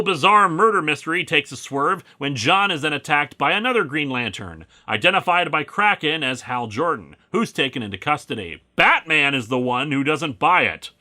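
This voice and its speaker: A man narrates a comic book review with a steady stream of wry, sarcastic asides. His voice is strikingly bright and sharp, sitting a little high, and it moves around animatedly. He has the relaxed, practiced flow of a regular host.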